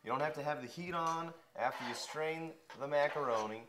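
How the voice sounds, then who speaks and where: A man's voice: fairly high pitch, brisk, noisy background. Chatty young man demonstrating cooking. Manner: chatty, talks viewers through each step. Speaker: home cooking host. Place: home kitchen.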